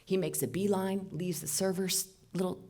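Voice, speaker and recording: A woman telling a personal story live to an audience, animated, moving between hushed asides and loud outbursts. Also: lowish voice, moderate pace. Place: stage before an audience.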